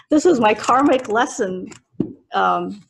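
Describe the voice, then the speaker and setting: A woman's voice: a little high, expressive, slow, creaky, rough recording. A middle-aged woman, a Buddhist nun, teaching a class casually and telling a personal story with frequent laughs. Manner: chatty, laughs often while telling a story.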